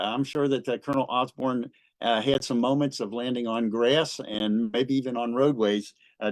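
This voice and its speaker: A man from Kentucky walks an audience through a slide presentation at an unhurried pace. He fills his pauses with frequent "uh"s, and his voice sits in a medium range. The sound is dry and close. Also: mid-range voice, no echo, rough recording. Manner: relaxed, many "uh" fillers. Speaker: guest speaker at a museum history talk.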